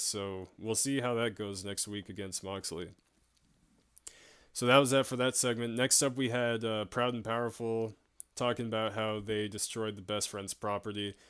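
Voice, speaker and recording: A man's voice: medium pitch, smooth, no echo, studio quality. A young man giving a casual, chatty recap of a wrestling show, with frequent laughs and fillers.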